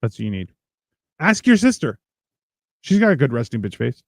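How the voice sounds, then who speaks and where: Animated man telling crude stories. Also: medium pitch, moderate pace, no echo. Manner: animated storyteller, acts out voices, deadpan and crude humor. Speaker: podcast co-host. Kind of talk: casual chat.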